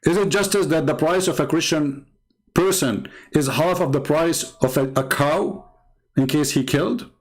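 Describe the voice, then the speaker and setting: A man's voice: on the high side, moderate pace. A man hosting polemical commentary, talking in a mocking, sarcastic way and laughing at his own jokes. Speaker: host.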